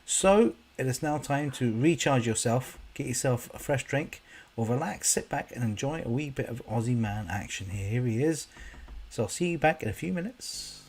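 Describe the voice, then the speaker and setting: A man's voice: medium pitch, expressive, moderate pace, a little mellow. A man hosting an online quiz from his kitchen, chatting directly to the audience. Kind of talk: casual live-stream hosting. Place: home kitchen. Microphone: laptop mic.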